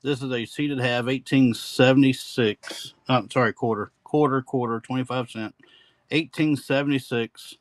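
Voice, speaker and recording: A man's voice: mid-range voice, fairly even intonation, moderate pace, poor audio. A man hosting a live-stream coin auction with folksy, rambling auctioneer patter.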